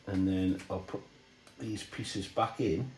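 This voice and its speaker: A man narrates his model building in an easygoing, thinking-aloud way. His voice sits on the lower side. The sound carries a roomy echo from the workshop around him. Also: slow, slight background noise. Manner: relaxed, thinking aloud while working, explaining as he goes. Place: hobby workshop bench.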